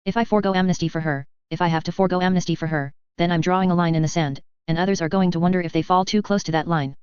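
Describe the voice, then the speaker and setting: A woman's voice: lowish voice, steady tone, racing, a little mellow, smooth, no room sound, muffled recording, natural voice. A woman reading the lines of a grave, urgent male hero leader in an audiobook.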